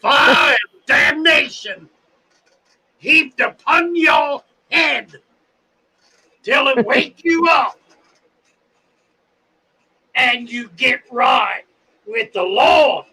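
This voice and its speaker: An older man voicing a fiery old male fire-and-brimstone preacher who shouts and thumps the Bible. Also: very high voice, lively intonation, very slow, pauses often, husky, voice pushed up, heavily acted, rough recording.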